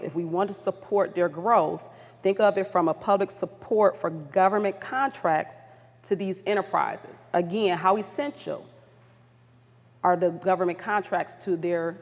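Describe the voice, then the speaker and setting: A woman's voice: fairly low pitch, measured pace, a little mellow. A woman facilitator leading an audience through polling questions at a community summit, upbeat and encouraging. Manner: upbeat, encouraging, apologetic when flustered. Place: large conference hall. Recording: long hall reverb.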